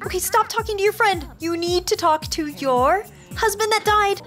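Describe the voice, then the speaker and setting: Excitable high-voiced woman commentating a game. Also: a little fast, few pauses. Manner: excitable, gasping, fretful reactions. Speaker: let's play host. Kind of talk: gameplay commentary. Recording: game music behind voice. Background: game music.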